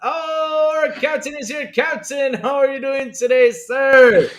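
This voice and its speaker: A man's voice: extremely high pitch, a little slow, over a noisy crowd. A man hosting a casual gaming podcast, joking around and calling everyone brother. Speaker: podcast host.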